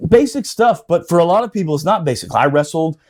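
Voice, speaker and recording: High-pitched, animated storyteller man. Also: quick pace. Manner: profane, animated, laughing while telling. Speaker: podcast storyteller. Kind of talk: casual storytelling chat.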